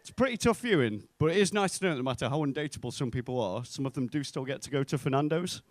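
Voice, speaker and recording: In a club comedy set, a young man from the North West of England mimics the people in his tales and drops deadpan jokes. He's a fast talker with a mid-range voice, and no echo is present.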